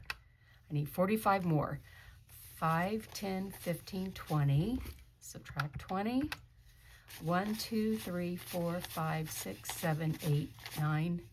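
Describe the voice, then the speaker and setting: A woman vlogging about budgeting, counting money aloud in a steady, gentle way and encouraging her viewers. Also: lowish voice, background noise. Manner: counts bills aloud softly, then gets emotional and encouraging. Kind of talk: casual budgeting vlog, counting cash.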